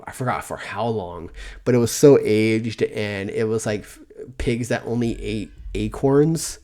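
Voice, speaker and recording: A man with a somewhat low voice talks through a casual podcast chat. He rambles, restarts his words and stammers, and often pokes fun at himself. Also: unhurried, dark tone. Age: adult, older than before. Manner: rambling, stammering, self-mocking. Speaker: podcast co-host.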